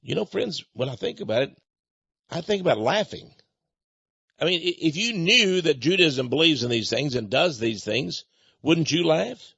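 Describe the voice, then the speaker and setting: Male radio host, slightly high and husky, emphatic and mocking in monologue, dry lo-fi sound. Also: sing-song, moderate pace, fairly bright tone, dry recording.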